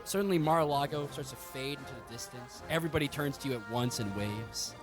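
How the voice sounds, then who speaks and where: A man running a comedic tabletop role-play as game master, at a middle pitch. He rambles through the scene with frequent fillers and laughter. Faint music sits underneath. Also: quick pace.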